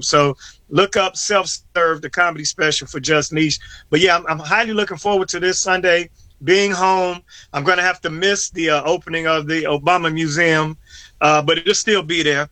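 A man's voice: a little high, pushed and bright, no room sound. A man, a comedian joining a radio talk show by remote video call, joking conversationally with some stammering restarts. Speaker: comedian guest. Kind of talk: casual radio interview.

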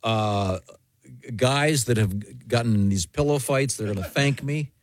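A man's voice: mid-range voice, a little slow, no echo. A man co-hosting a casual advice chat show, joking and rambling with restarts. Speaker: co-host.

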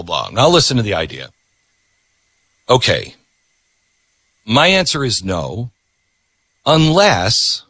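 A middle-aged male talk show host gives a political monologue, hammering his points by repeating words. His voice is bright and slightly husky, and his pitch swings widely. The sound is dry and close. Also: no room sound. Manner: emphatic, repeats words for stress.

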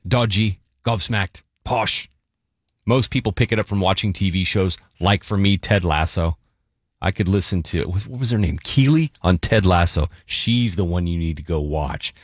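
Chatty low-voiced morning radio man. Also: no room sound, studio quality. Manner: playful, chatty, quick asides. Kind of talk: casual radio chat. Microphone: studio microphone.

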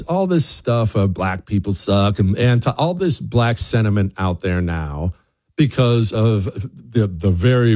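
A man delivering an opinion monologue, full of rhetorical questions and repeated words, who jumps up into high mocking voices when he quotes other people. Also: darkish tone, no echo. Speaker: commentator.

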